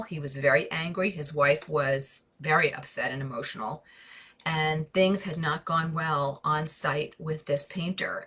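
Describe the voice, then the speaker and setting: Woman design coach chatting, low voice, kinda bright and sharp, loops back on her words. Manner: calm, conversational, repeats words and restarts. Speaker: interior design educator. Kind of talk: advice talk with storytelling.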